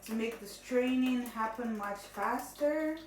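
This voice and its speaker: A woman's voice: on the high side, measured pace, background noise. A woman vlogging in her home kitchen, chatting casually and playfully as she walks viewers through a homemade juice recipe and urges them to subscribe. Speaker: cooking vlogger. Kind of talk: casual how-to chat to camera. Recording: roomy echo, mic at a distance.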